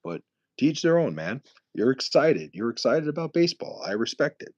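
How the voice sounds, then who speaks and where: A man's voice: mid-range voice, very animated, moderate pace, dry recording. A young man from New City, streaming live and trash-talking viewers in profane, mocking chat. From New York City.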